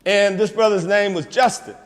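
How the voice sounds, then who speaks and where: Motivational speaker in his fifties, high voice, streetwise and preachy, booming hall reverb. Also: fairly even intonation, moderate pace. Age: 50s. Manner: preachy, streetwise, calls out to the crowd. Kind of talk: inspirational school assembly talk. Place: school auditorium. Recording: long hall reverb in a large auditorium.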